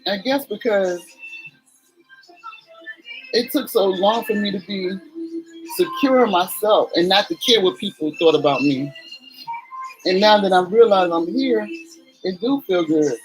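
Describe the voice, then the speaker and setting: A woman's voice: mid-range voice, animated, moderate pace, long pauses, soft background music, low-quality recording. A woman in her forties, a vlogger chatting candidly and emotionally to her viewers while doing her makeup.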